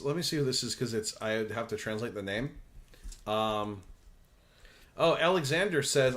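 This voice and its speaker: A fairly low-voiced man in his thirties hosting a casual livestream. He chats about gear and reads viewer comments aloud, talking in a lively, self-interrupting way with quick laughs. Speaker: livestream host.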